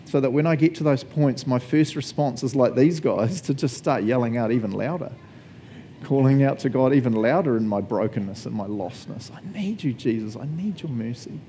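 A man's voice: medium pitch, normal speed, warm tone, slight background noise. A male pastor preaching a sermon conversationally, laughing often and asking the congregation questions.

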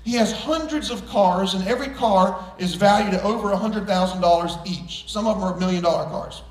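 A man's voice: sits high, fairly quick. A man preaching a sermon as pastor, emphatic and folksy, with jokes and homespun stories. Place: church sanctuary with congregation. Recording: roomy church echo, voice from far off.

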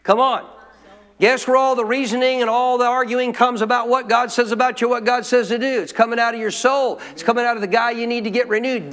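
A man with a very high, smooth, fairly bright voice preaches emphatically in a church sanctuary, prompting the congregation to call back. Long hall reverb colors the recording.

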